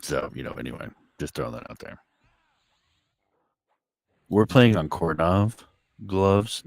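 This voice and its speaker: Co-streamer, male, extremely deep, laid-back jokester, dry sound. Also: no room sound. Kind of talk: casual stream chat.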